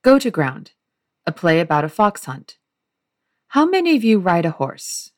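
A woman's voice: lowish voice, sing-song, a little slow, no room sound, studio quality. A woman reading a wry young man who addresses a theatre audience in a play.

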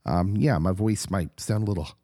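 A middle-aged man who co-hosts a podcast, talking casually while hoarse and husky from a recent illness, animated and laughing often. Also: low voice, normal speed, no room sound, studio quality. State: hoarse, getting over an illness. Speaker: podcast co-host, pastor.

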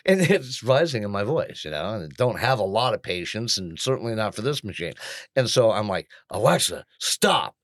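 A man's voice: on the low side, animated, a little fast, no room sound, clean studio sound. A middle-aged man co-hosting a podcast, telling stories in a casual, self-mocking way and laughing often. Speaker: podcast co-host. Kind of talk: casual storytelling chat.

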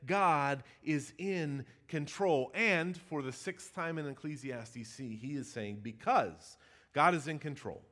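A pastor preaching a sermon in a church, his voice rising emphatically and dropping to a hush. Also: a little high, slow pace. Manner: animated preaching with emphatic rises and hushed drops. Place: church sanctuary.

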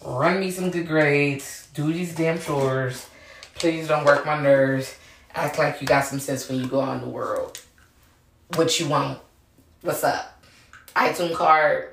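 A woman's voice: sits low, steady tone, takes it slowly, gravelly, far from the mic, a little hiss or hum. A woman in her thirties hosting a podcast from home in a casual, candid chat, full of slang and swearing, and laughing often. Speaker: podcast host. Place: room at home. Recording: roomy echo, voice off mic.

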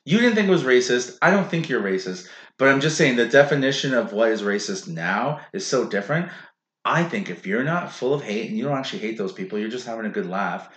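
A man's voice: mid-range voice, lively intonation, a little fast, a bit bright. A man hosting a podcast in loose, rambling chat, swearing freely and leaning on "like". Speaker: podcast host and comedian. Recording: roomy echo.

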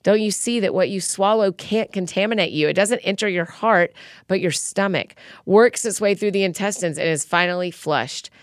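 A woman's voice: medium pitch, normal speed, no room sound, studio quality, close to an everyday voice. Jesus, blunt teacher, read by a woman. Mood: stern.

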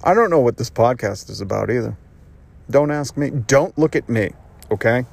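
A man in the middle of a solo podcast rant, talking at an ordinary mid pitch. He rambles from point to point, sarcastic and full of swearing. It sounds like an unscripted monologue. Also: expressive, normal speed, vocal fry, darkish tone. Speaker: podcast host. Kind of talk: ranting monologue.

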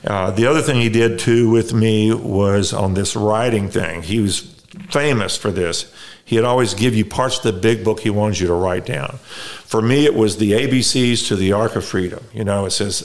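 A middle-aged man telling his recovery story as a podcast guest, halting and reflective, with many restarts. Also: on the low side. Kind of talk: casual conversation.

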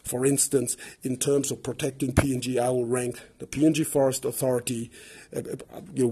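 A man's voice: mid-range voice, flat delivery, brisk, dark tone, husky. A man from Papua New Guinea with a Papua New Guinean English accent, hosting a podcast and speaking in an earnest, impassioned way, repeating words and building up lists. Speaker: podcast host. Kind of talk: earnest advocacy podcast monologue.

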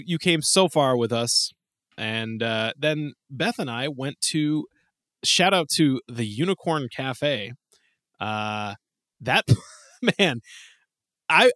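Man, casual podcast chat, animated storyteller, swears freely, dry close sound. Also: medium pitch, no echo.

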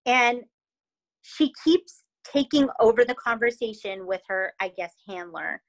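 A woman's voice: fairly high pitch, expressive, measured pace, dry recording, low-quality recording. A young woman co-hosting a casual podcast, talking bluntly and swearing freely. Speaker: podcast co-host. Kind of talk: casual chat.

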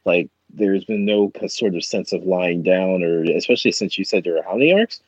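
A man's voice: deep voice, fairly quick, breathy edge, no room sound, muffled recording. A man in a casual chat, rambling with many restarts and fillers, as a podcast co-host.

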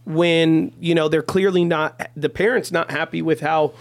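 A man's voice: on the high side, fairly even intonation, normal speed, creaky, no room sound. A man who is a pastor, talking on a podcast in an earnest storytelling way, often saying "you know". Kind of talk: casual podcast conversation.

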